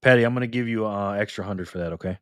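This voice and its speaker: A man's voice: lowish voice, very fast, fairly bright tone, clear, resonant tone, dry recording, studio quality. A man hosting a casual livestream, chatting and laughing as he reads viewer comments aloud. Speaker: livestream host.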